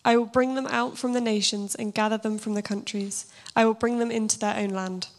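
A woman with a slightly husky voice, speaking casually and then giving a steady scripture reading in a sermon. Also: on the high side, brisk. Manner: informal and self-deprecating, steady even reading. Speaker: church speaker.

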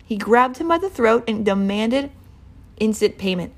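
A woman's voice: a little high, expressive, moderate pace. Earnest, rambling woman preaching. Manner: casual, rambling, earnest, with fillers. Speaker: Bible teacher. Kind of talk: informal sermon.

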